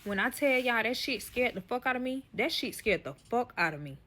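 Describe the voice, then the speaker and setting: A woman's voice: fairly high pitch, fairly quick. Profane woman telling a wild story. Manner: profane, animated storytelling addressing the audience. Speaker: storyteller guest. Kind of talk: casual story time.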